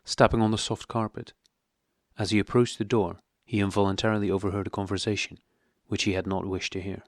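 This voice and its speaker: A man narrating an audiobook with a measured, even reading. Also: on the low side, no echo, studio quality. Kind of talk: scripted narration.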